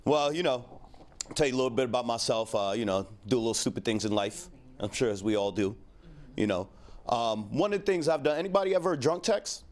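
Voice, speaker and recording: A man's voice: medium pitch, fairly quick. Laid-back man in his thirties doing stand-up. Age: 30s. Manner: laid-back, rambling, crude, with lots of fillers. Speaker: stand-up comedian. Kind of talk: stand-up set.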